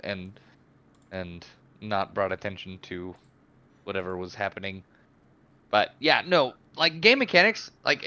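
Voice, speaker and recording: Dungeon master guy rambling slow, lots of ums, bright voice, lo-fi call sound. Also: mid-range voice, clean tone, no echo. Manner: rambling, many fillers and restarts. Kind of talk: casual game narration.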